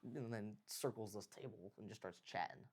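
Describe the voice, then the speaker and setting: A man's voice: lowish voice, normal speed, husky. A man co-hosting a podcast, chatting casually about the Bible and reading long scripture passages aloud, with fillers and laughs. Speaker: podcast co-host. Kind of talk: casual Bible study chat.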